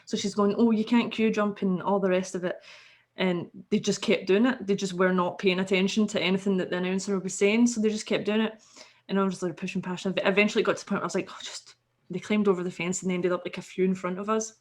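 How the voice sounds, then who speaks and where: A woman's voice: medium pitch, flat delivery, fast talker. A Scottish woman, a podcast guest, telling a story casually and animatedly, swearing freely and acting out the people she quotes.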